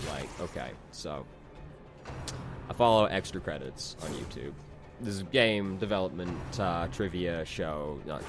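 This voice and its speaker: Deep-voiced man rambling over game music. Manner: rambling, self-interrupting, casually profane. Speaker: let's play host. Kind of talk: casual gameplay commentary. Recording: game music playing underneath.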